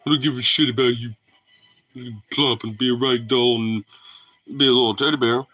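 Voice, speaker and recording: A man's voice: mid-range voice, fairly even intonation, brisk, sharp tone, soft background music. A man putting on a sulky cursing dog. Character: grumpy rebellious male pet dog.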